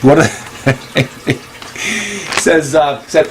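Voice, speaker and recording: A man hosting a casual comedy show, talking in a hesitant, playful deadpan full of ums and restarts, with sudden high-pitched exclamations. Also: measured pace, heavy background noise. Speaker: host. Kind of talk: casual rambling comedy monologue.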